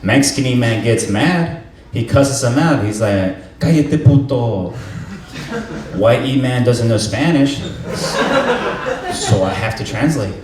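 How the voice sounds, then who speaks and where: A young man performs stand-up at a live comedy venue, relaxed as he tells stories and laughs at his own jokes while the audience laughs too. His medium-pitched voice is lively, somewhat mellow and moderately paced, picked up by a distant mic in a roomy hall with faint noise.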